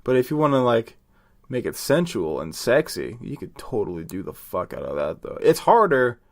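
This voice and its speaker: A man's voice: medium pitch, very animated, normal speed, creaky. A man co-hosting a casual comedy podcast, rambling crudely and laughing often. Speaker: podcast co-host.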